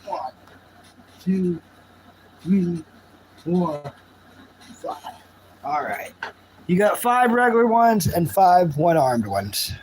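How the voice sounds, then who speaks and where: A man's voice: sits high, big pitch swings, slow pace, long pauses, a little mellow, a little hiss or hum, poor audio. A man live-streaming, chatting casually with his viewers in a rambling, jokey, self-mocking way.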